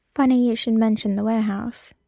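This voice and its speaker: A woman's voice: on the high side, fairly even intonation, brisk, vocal fry, mellow, no room sound. A woman voicing H G, a smug, teasing, charming female thief, in a read-aloud story.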